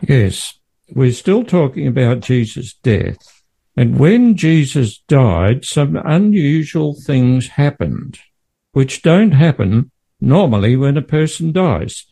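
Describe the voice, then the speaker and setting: A man hosting a Bible study discussion, slowly posing questions to the others. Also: mid-range voice, big pitch swings, gravelly, mellow, slightly rough. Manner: slow, questioning, prompts the others.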